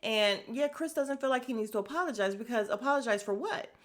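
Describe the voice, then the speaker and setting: A woman hosting a podcast, recapping a reality show in a casual, animated and profane way, often laughing, speaking into a podcast microphone. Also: fairly high pitch, fast. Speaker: podcast host.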